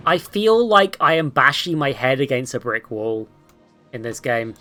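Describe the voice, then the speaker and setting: A woman's voice: extremely low pitch, big pitch swings, a little slow, pushed and bright, faint music behind. A young woman streaming a horror game with sarcastic, swearing commentary and playful asides. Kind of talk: casual gameplay commentary.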